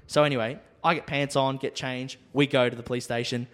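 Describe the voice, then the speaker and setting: A man on a podcast, telling a drunken travel story in a lively way, swearing a lot and acting out the other people's voices. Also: medium pitch, quick pace, few pauses, big-room sound. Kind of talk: casual storytelling.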